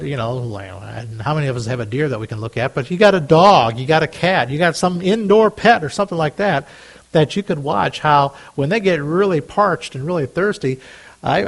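A man preaching a conversational sermon, reading scripture aloud, with frequent restarts and louder, higher bursts when voicing prayers. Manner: rises loud and high on prayers. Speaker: pastor.

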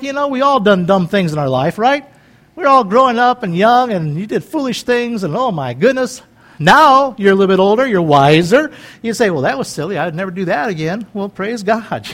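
Folksy high-voiced preacher in his fifties. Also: sing-song, moderate pace, a bit bright. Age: 50s. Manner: chatty, joking, rambling asides. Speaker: pastor. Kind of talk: folksy conversational sermon.

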